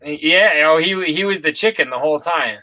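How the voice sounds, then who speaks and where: A man's voice: a little high, a little fast, pushed and bright, no echo, rough recording. A man co-hosting a podcast, chatting loosely and profanely with his friends. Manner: loose, profane, laughing banter. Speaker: podcast co-host. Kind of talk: casual chat.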